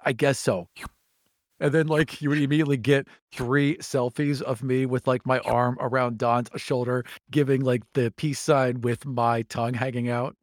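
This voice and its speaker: A man's voice: mid-range voice, level tone, moderate pace, no room sound, clean studio sound. A man playing a tabletop game, talking casually and animatedly about his character. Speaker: player.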